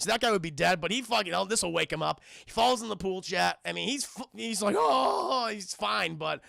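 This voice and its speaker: A man's voice: sits high, vocal fry, dry recording, clean studio sound. A man recapping a cartoon episode on a live stream, cursing freely and acting out scenes as he goes. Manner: profane, animated, acts out scenes in voices.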